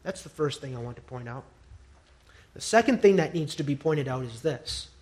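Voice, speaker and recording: A male pastor preaching a sermon, emphatic and repetitive, dropping to a hush and rising to loud declarations. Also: fairly high pitch. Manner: emphatic, swings from hushed to loud; repeats phrases for emphasis.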